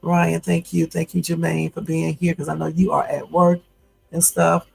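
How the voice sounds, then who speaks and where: A woman in her fifties talks on a home livestream in a gravelly, husky voice. Her delivery is blunt and confrontational, loose and chatty with lots of fillers. Faint music plays in the background. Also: sits low, level tone, normal speed, a little mellow, low-quality recording. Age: 50s. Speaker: YouTube livestream host. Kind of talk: casual livestream talk.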